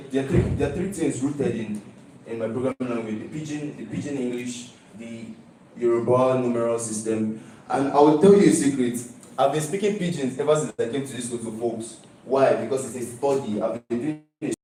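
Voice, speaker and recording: In a large lecture hall, a young Nigerian man talks through his student project, his mid-range voice calm and easygoing. He hammers home points by repeating them and often asks listeners "do you understand?" The mic sits far away, picking up heavy echo and slight background noise.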